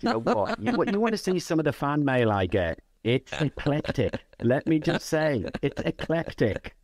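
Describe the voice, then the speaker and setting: A man in his fifties, a podcast guest, chatting casually and playfully and telling stories with lively energy. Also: fairly high pitch, brisk, no room sound, studio quality. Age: 50s. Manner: playful, animated storyteller.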